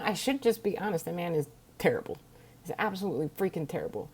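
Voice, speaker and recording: A woman's voice: lowish voice, animated, fast, darkish tone. A middle-aged woman talking earnestly and emotionally to viewers in a personal video diary, close to tears. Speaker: vlogger.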